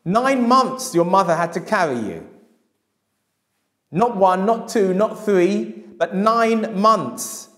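A middle-aged male historian giving a public lecture, with emphatic repetition and acted quotes when he tells a story. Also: high-pitched. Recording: echoey hall.

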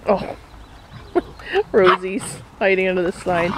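A woman's voice: medium pitch, slow, noisy background. A woman filming her puppies, talking to them in sing-song baby talk and laughing often. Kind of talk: cooing at puppies while filming.

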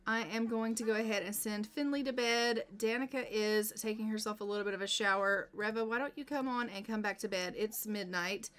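A woman's voice: mid-range voice, brisk, hardly any pauses, a bit bright, clear, resonant tone. Chatty woman narrating a life-sim game. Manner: chatty, talks to the game characters directly. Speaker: gameplay narrator. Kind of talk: casual let's-play commentary.

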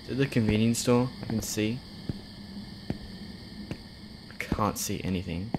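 A man with a lowish voice talks his way through a horror game, nervous and easily startled, talking back at the screen. A clear background hum sits under his voice. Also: brisk. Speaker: game streamer. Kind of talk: let's play commentary.

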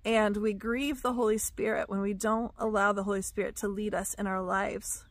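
A woman giving a reflective devotional teaching about her dreams, speaking softly and pausing with fillers. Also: medium pitch, flat delivery, no room sound. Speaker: Christian teacher sharing dreams.

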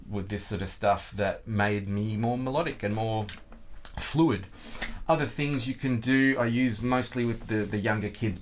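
A low-voiced man teaches guitar in a relaxed, chatty way. He jokes at his own expense and often sings rhythms out loud with nonsense syllables. A faint hiss of noise sits under the recording. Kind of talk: casual video lesson.

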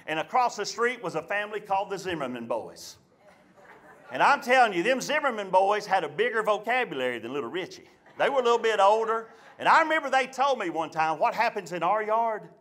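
A man telling a stand-up story to a live audience, acting out his family's voices. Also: high voice. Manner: animated, acts out family voices. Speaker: stand-up comedian. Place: live comedy show venue.

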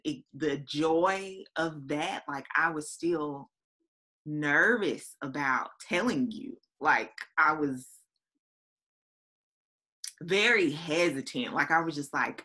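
A woman in her thirties with a low, forceful voice. She talks in an easy, chatty way, full of fillers and little acted-out quotes of her own thoughts. She sounds relaxed and conversational, like she is talking with a friend. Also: slow. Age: 30s. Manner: chatty, many fillers and quoted self-talk. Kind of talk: casual chat.

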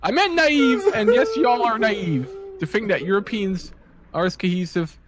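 A man's voice: sits high, a crowd in the background. A young man from the Netherlands with a Dutch accent, bantering in mock offense while streaming a game with friends. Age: young adult. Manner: animated, mock-offended, quick to laugh. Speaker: streamer and co-player. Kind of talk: casual gaming banter.

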